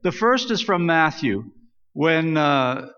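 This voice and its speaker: A man's voice: a little high, big pitch swings, slow pace, bright, forceful tone, smooth. Conversational man preaching in a reverberant hall. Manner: conversational, self-correcting, reads scripture aloud. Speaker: pastor. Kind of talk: sermon. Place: church sanctuary. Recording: dull sound with long church reverb.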